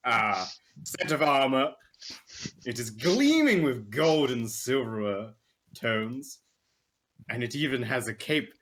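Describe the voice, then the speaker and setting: A man speaking in character at a tabletop game, theatrical and proud but halting over his words. His pitch swings widely, he talks slowly, and his tone is bright. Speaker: player. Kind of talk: in-character role-play.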